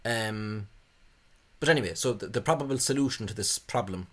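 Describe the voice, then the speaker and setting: Male lecture host, slightly low pitch, halting delivery, scornful tone. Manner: hesitant, many fillers, scornful asides. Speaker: language video host. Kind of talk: spoken lecture on spelling reform.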